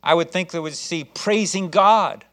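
Male pastor, sermon delivery, somewhat high-pitched voice, animated storytelling. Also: unhurried.

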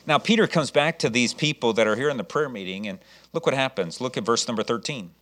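A man preaching a sermon, reading scripture and acting out the people in the story with lively, shifting delivery. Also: mid-range voice, fast. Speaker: pastor.

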